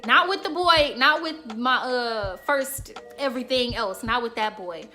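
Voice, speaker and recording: A woman in her twenties from the Chicago suburbs chats frankly and in slang, speaking straight to her viewers in a storytime vlog. Her voice sits a little high and rings bright and forceful. Light music plays quietly behind her. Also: unhurried, hardly any pauses. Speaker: YouTuber.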